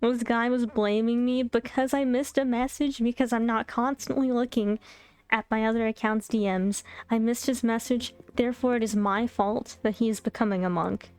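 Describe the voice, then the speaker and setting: A young adult woman streamer telling a story in casual chat, animated and chatty, laughing often and bursting into exasperated disbelief. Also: fairly high pitch, normal speed, smooth, no echo. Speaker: VTuber streamer. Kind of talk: casual storytime chat while playing a game.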